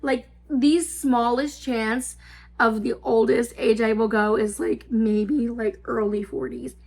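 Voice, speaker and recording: A woman's voice: a little high, fairly even intonation, takes it slowly, darkish tone. A woman in her twenties telling a storytime vlog, rambling and filler-heavy, swearing freely. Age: 20s. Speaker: vlogger. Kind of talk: casual storytime.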